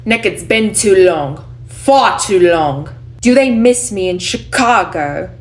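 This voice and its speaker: A woman's voice: medium pitch, animated, slow. A young woman rehearsing the part of a snobbish society wife with an attempted New York accent, drawn out and wistful. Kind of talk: line rehearsal for a school play.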